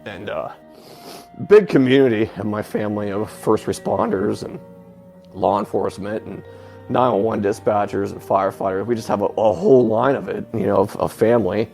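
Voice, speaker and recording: A man telling a painful personal story as an interview guest, halting and breaking off with filler sounds, sounding close to tears. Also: lowish voice, vocal fry, darkish tone, faint music behind. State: emotional, near tears. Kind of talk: emotional personal account.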